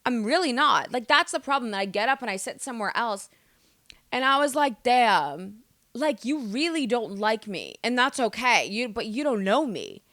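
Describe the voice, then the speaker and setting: A young woman from the United States, hosting a podcast and telling stories in a loud, animated, swearing way. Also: on the high side, moderate pace, no room sound, studio quality. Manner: animated, swearing, exaggerated storytelling. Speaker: podcast host. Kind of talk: casual storytelling monologue.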